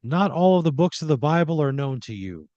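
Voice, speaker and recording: A man's voice: a little high, very animated, a little fast, mellow, dry recording, lo-fi sound, voice pushed up. A man voicing a vengeful male Christ face growing in a tree, speaking in solemn, accusing pronouncements.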